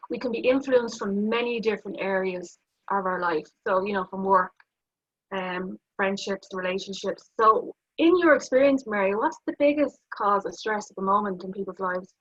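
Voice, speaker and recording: A woman's voice: medium pitch, moderate pace, fairly bright tone. A woman who interviews a coach in a friendly, chatty way and asks prompting questions. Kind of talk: casual chat. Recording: dull lo-fi sound.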